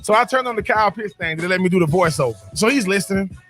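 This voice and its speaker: A man's voice: sits high, fast, a bit bright, faint music behind. A man, co-hosting a radio show, telling stories in a casual chat with frequent repeats and laughs. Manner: repeats words and restarts, laughs often.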